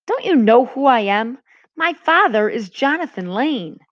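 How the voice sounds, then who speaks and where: A woman's voice: a little high, very animated, a little slow, pitched above the performer's own voice. A woman reading aloud and voicing a spoiled, boastful, sarcastic rich teenage boy in a storybook, over a dull lo-fi recording.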